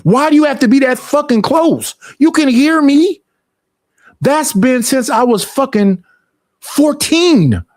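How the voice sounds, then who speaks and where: A young man, streaming a casual, profane, animated rant about personal space and family gatherings. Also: very high-pitched, measured pace, dry recording, studio quality.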